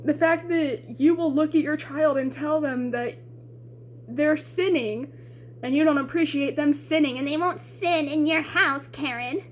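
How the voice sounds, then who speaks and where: A woman's voice: high voice, unhurried, a little hiss or hum. A young woman vlogging, ranting with blunt, emotional conviction and frequent swearing. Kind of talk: impassioned rant to camera.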